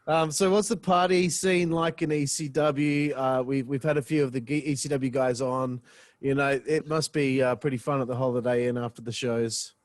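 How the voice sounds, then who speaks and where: A man's voice: mid-range voice, fairly even intonation, normal speed, no echo. A man hosting a podcast, asking casual questions and laughing along with his guests. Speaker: podcast host.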